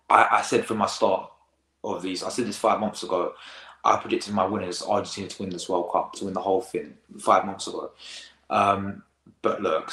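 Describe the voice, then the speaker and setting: Teen male streamer, deep voice, rambling slangy chat, echoey room. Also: a bit bright. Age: teens. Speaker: football reaction host. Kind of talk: casual live-stream chat.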